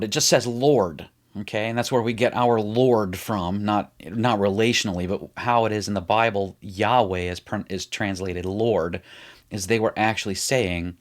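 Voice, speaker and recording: A middle-aged man teaching an online Bible study in a chatty way, explaining things as he writes them out on the screen. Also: low voice. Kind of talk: casual online Bible lesson.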